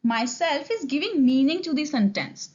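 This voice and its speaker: A young woman with an Indian accent gives a recorded grammar lesson, her voice sitting a little high. She explains patiently and keeps checking her students follow along. The recording sounds dull and lo-fi. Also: animated, normal speed, darkish tone. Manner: explains step by step, mixing Hindi and English, frequent "okay?" checks. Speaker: English teacher.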